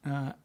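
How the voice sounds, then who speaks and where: A man hosting a casual livestream, talking in a loose, chatty way, stuttering often and repeating and restarting his words. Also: warm tone. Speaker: livestream host.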